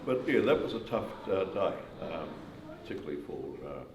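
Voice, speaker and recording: Man, lower register, casual storyteller, hesitant; roomy, noisy recording. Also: expressive, recorded from a distance. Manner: hesitant, halting with fillers. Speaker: family member telling memories.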